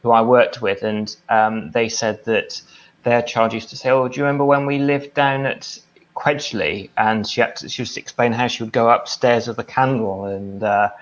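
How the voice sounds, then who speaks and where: A man's voice: medium pitch, steady tone, normal speed, dull audio. A man from England hosting a paranormal radio show, chatting casually with a guest and often repeating words as he talks. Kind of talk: casual interview chat.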